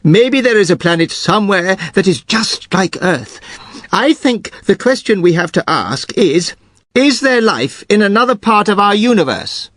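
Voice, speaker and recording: A man's voice: sits high, animated, normal speed, fairly bright tone, dry recording. A man voicing an earnest, thoughtful Doctor Watson inside a spoken joke, in a voice close to his own. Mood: musing. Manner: thoughtful, rambling. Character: Doctor Watson, earnest pondering male companion.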